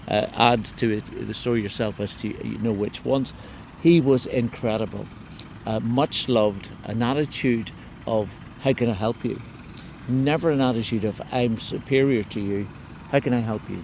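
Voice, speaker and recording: A man's voice: lowish voice, slight background noise. Man hosting a local podcast. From Northern Ireland. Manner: relaxed, loose, with frequent uh fillers and restarts. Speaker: podcast host. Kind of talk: casual local news chat.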